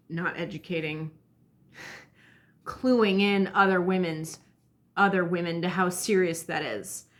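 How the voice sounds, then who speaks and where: A woman's voice: on the low side, fairly bright tone. A woman ranting bluntly in a vlog monologue, heated and full of profanity. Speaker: vlogger.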